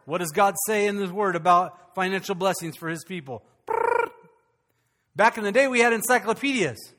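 Animated preacher man in a reverberant hall. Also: high voice, brisk, slight background noise. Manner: animated, calls out to the congregation. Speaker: pastor. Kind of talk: sermon.

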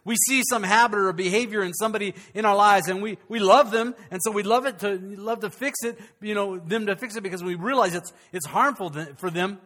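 A man, a pastor, preaching to his congregation in a conversational way, with humor and dramatic pauses. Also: sits high, pushed and bright. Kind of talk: sermon. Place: church sanctuary before a congregation.

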